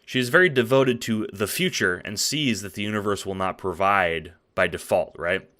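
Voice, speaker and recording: A tired, yawning video essayist works through a late-night spoken essay, his fairly low voice pushed and bright at a moderate pace. He's casual and profane, scattering fillers and "right?" throughout.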